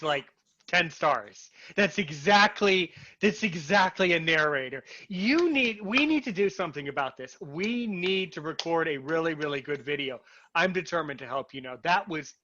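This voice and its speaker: Male host, eager and stammering, bright tense voice, slightly dull lo-fi recording. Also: high voice, lively intonation, moderate pace. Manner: eager, stumbling, repeats words. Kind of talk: casual chat.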